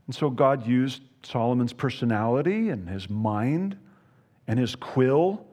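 A pastor giving an animated expository sermon, emphatic, with playful asides and frequent repeated words. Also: male voice, mid-range voice. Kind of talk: expository Bible teaching sermon.

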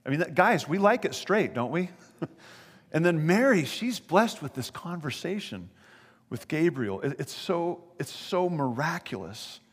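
A man preaching a sermon as pastor, animated and conversational, asking his listeners questions as he goes. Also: on the high side, a little slow, husky, long reverb tail.

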